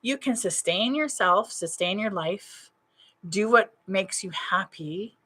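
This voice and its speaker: A woman's voice: medium pitch, expressive, slow pace, pushed and bright, slightly rough. A middle-aged woman, a spiritual medium, talking casually to her online audience and stressing her points by repeating phrases. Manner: emphatic, repeats key phrases for effect.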